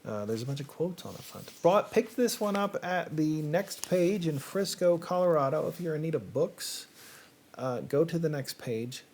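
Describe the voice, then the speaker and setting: A man hosting a casual reading show, chatting to camera in a rambling, hesitant way with many fillers and quiet asides. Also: fairly high pitch, lively intonation, moderate pace, a little hiss or hum. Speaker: host.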